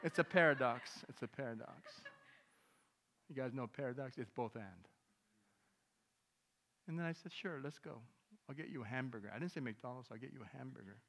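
A man's voice: medium pitch, fairly quick, pauses often, slight background noise. A man preaching a sermon as pastor, telling stories in a casual way and acting out the dialogue. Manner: conversational storytelling, acts out dialogue. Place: church sanctuary. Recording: long hall reverb.

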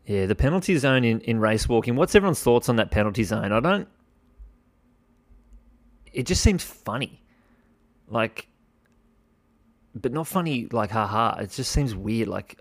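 A young Australian podcast host with a lowish, expressive voice talks at a moderate pace with long pauses. His casual solo commentary is blunt, full of free swearing and mock exasperation.

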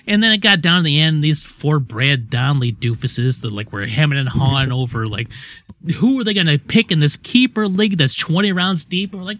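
A man's voice: a little high, normal speed. A man on a radio show telling a long, rambling story in casual chat, often stopping to correct himself. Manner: rambling, animated, self-interrupting. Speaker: radio co-host.

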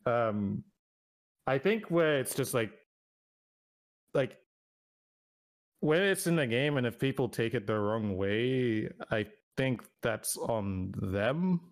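A man's voice: mid-range voice, lively intonation, slow pace, pauses often. A man co-hosting a podcast in casual chat, rambling with many fillers and laughing easily. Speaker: podcast co-host.

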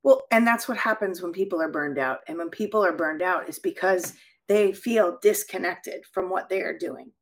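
A woman's voice: on the low side, moderate pace. A woman co-hosting a talk show, with a background in healthcare, speaking in a reflective, affirming way. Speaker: podcast co-host with a healthcare background. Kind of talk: casual conversation.

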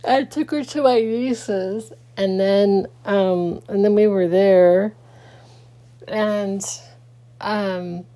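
A grieving middle-aged woman speaks slowly in a mellow, warm voice. She rambles through a casual late-night vlog, halting and restarting with many fillers. She sounds sleepy. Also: mid-range voice. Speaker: vlogger. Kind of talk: casual personal talk to camera.

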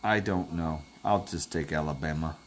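A man's voice: very deep voice, normal speed, slight background noise. A man hosting his own podcast alone, talking to himself as he makes tournament picks, joking and swearing as he goes. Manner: rambling, self-talking, jokey and profane. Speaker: podcast host. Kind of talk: casual solo sports-picks monologue.

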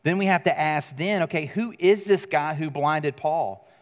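Male pastor, earnest conversational sermon delivery, slightly raised pitch, reverberant hall sound. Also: normal speed. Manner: earnest, conversational preaching with sudden drops to quiet emphasis.

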